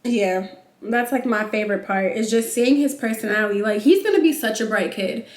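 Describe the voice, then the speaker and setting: A woman's voice: a little high, brisk, echoey room. A young woman vlogger and new mother chatting casually while doing her makeup, informal and talkative, peppering her talk with "like" and "y'all".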